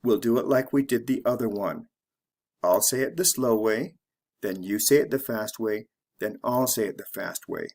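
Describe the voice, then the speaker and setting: A man with an American accent teaching English pronunciation, speaking slowly and repeating each example sentence clearly. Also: mid-range voice, a little mellow. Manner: slow, deliberate drilling of example phrases. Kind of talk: slow scripted lesson narration.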